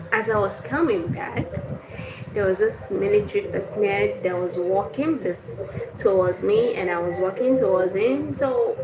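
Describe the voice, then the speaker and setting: A young woman chats to her livestream viewers, telling a story with a laugh never far off. Her voice is mid-pitched. It bounces around an echoey room, with a clear hum of background noise under it. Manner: chatty storyteller, laughs often. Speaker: livestream host. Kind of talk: casual livestream chat.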